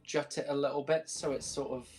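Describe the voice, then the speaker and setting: A man playing a tabletop game, talking casually and haltingly with many likes. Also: mid-range voice, little pitch movement, darkish tone, faint music behind. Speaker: player.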